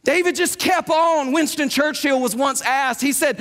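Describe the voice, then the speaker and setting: A man's voice: very high voice, moderate pace, a bit bright. A man preaching a sermon in an emphatic, conversational way, repeating his key points. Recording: long hall reverb.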